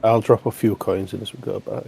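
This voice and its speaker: A man playing a tabletop game, stating his actions quickly and a little tentatively. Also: lowish voice, steady tone, creaky, dark tone, a little hiss or hum, poor audio. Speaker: player. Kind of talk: tabletop play.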